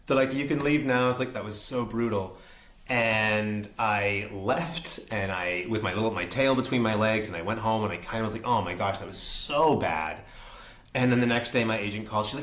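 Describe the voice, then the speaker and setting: A young adult man telling an animated story as an interview guest, acting out quotes and laughing often. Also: mid-range voice, brisk, roomy sound. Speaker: actor and guest.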